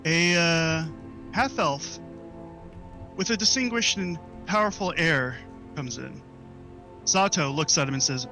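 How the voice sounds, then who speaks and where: Bright, high-voiced male game master. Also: takes it slowly, long pauses, soft background music. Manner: casual, restarts phrases often. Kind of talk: narrating a tabletop game.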